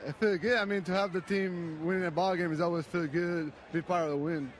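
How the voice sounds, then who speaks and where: Modest young ballplayer, halting answers. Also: male voice, high-pitched, fairly even intonation, a little hiss or hum. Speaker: baseball player.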